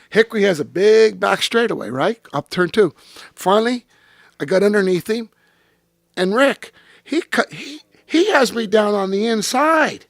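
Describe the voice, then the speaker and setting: A man telling a story in a casual interview, profane and animated, acting out what people said. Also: high voice, moderate pace, gravelly, no room sound, clean studio sound. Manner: profane, animated storyteller who acts out quotes. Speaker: interview guest.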